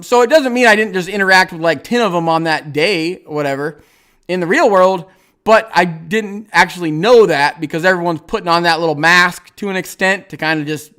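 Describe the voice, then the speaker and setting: A man chatting on a casual livestream, reading out viewer comments and rambling through his thoughts with plenty of ums, restarts and small chuckles. His voice sits high and sounds bright and crisp. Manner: rambling, hesitant, many fillers and restarts; chuckles often while talking.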